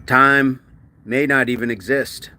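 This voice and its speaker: A man hosts a laid-back livestream with a bright, forceful voice. He chats and jokes with his viewers, slipping in quick asides and restarting sentences as he answers their comments between sets of push-ups. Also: medium pitch, steady tone. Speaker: livestream host. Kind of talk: casual live-stream chat, reading comments aloud.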